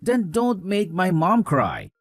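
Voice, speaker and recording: A man's voice: high-pitched, wildly swooping pitch, slow, no echo, exaggerated voice. A man voicing a young husband who scolds his wife with contempt and sides with his mother in a voiced drama story. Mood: scornful.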